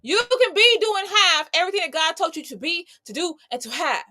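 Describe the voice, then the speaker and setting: A woman's voice: very high voice, brisk, sharp tone. A woman in her thirties giving an exuberant, preachy motivational live talk, greeting viewers by name. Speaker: host.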